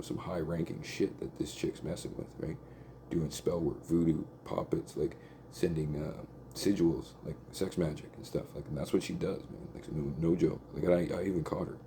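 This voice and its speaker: A man's voice: rumbling low, vocal fry, mellow, slight background noise. A man in a rambling, angry monologue, swearing a lot and saying "like" and "right?" constantly. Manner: agitated, profane, repeats "like" and "right?".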